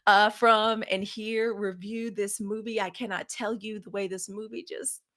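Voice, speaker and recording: A woman's voice: mid-range voice, level tone, unhurried. A woman in her fifties from Mississippi chats on her own livestream. She gushes over her viewers, welcomes them again and again, and keeps saying "y'all". Her talk is loose and unscripted, with many ums and restarts. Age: 50s. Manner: warm, effusive greetings to viewers, lots of "y'all". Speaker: livestream host. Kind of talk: casual livestream chat. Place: home setup.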